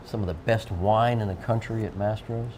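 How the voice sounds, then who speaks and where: A man's voice: lowish voice, steady tone, normal speed, background noise. A man hosting a local TV talk show, joking and rambling with frequent restarts. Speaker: TV show host. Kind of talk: casual studio banter.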